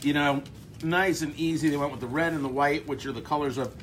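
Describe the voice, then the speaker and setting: A man's voice: fairly high pitch, brisk, slight background noise. A man hosting a radio taste test, joking and laughing as he chats. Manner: joking, animated, laughs often. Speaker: radio host. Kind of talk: casual chat.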